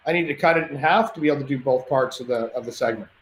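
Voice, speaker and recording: Speaking at a racing clip with a medium-pitched voice, this man rambles casually through stories as a podcast guest, frequently starting his sentences over. The recording is roomy, with a little background noise.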